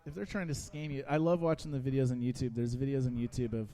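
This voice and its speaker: A man co-hosting a radio talk show, chatting casually and telling animated stories, often laughing. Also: mid-range voice, fast. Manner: animated storyteller, laughs often, mimics callers. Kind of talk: casual chat.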